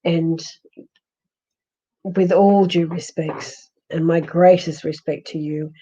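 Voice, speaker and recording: A woman with an Australian accent, a husky voice and a fading, hoarse throat, gently consoling a viewer in a live-stream psychic reading with many restarts. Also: on the low side, fairly even intonation, slow pace, lo-fi sound. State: hoarse, losing her voice. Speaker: psychic medium.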